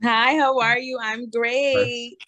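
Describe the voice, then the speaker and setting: A woman's voice: a little high, takes it slowly, dry recording, highs cut off. Young woman with a New Jersey accent. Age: 20s. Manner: lively, candid, lots of "um" and "you know". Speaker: guest entrepreneur. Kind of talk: casual interview chat.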